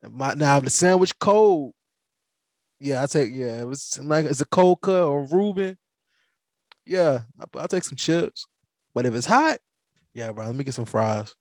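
A man's voice: medium pitch, a little slow, long pauses, no room sound, clean studio sound. A man from the American South hosting a podcast, telling stories animatedly with lots of restarts. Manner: animated storytelling, stumbling restarts, laughing. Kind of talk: casual chat.

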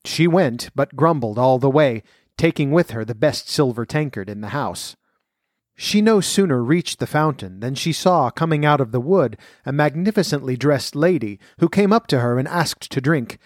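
Guy reading old fairy tales, steady measured voice, dry close sound. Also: mid-range voice, no room sound. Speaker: storyteller. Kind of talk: fairy-tale reading and folklore commentary.

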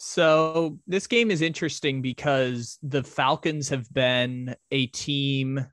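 A man's voice: medium pitch, slow, a bit bright, dry recording. Male co-host, casual teasing sports talk, dead-dry booth sound. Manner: joking, teasing rival fans. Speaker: podcast co-host.

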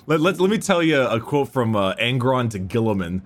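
A man in casual podcast chat about game lore, animated and profane, sometimes reading quotes with dramatic delivery. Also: mid-range voice, fairly quick. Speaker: podcast co-host.

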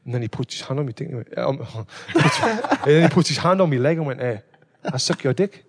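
A man hosting a casual chat, telling stories with lots of swearing and loud acted-out quotes. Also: fairly high pitch, brisk, background noise. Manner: animated storyteller, swears freely, acts out quotes loudly. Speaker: podcast host.

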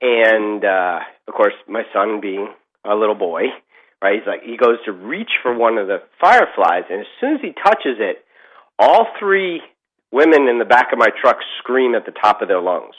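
A man's voice: lowish voice, sing-song, moderate pace, a bit bright, highs cut off. Rambling middle-aged man telling a story. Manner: rambling, many fillers and restarts. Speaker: podcast guest telling a ghost story. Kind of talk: casual storytelling.

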